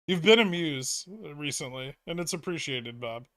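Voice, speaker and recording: A man's voice: on the high side, moderate pace, fairly bright tone, dry recording. A man hosting a trading livestream, reading viewer messages aloud and answering in a dry, offhand way. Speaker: livestream host. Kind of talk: casual chat reading viewer questions.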